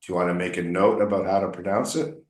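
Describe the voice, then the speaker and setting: A man's voice: deep voice, fairly even intonation, fast. A man coaching English one on one, patiently explaining words and drilling pronunciation by repeating them. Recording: roomy echo.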